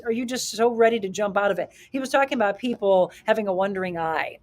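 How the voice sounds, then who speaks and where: A woman's voice: medium pitch, fast. A middle-aged woman hosting a live talk show, speaking emphatically with rhetorical questions and reading viewer comments. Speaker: show host.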